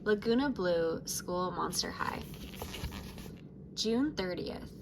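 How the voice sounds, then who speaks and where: A woman voicing a laid-back teenage sea-monster surfer girl, reading her diary aloud softly. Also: fairly low pitch, expressive, slow, vocal fry, noisy background, heavily acted. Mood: mellow.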